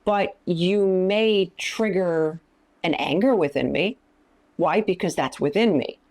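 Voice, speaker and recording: A woman's voice: on the low side, slow pace, a little mellow. A woman counselor and minister teaching in an interview, speaking emphatically and giving practical advice. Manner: emphatic, often acting out quoted lines.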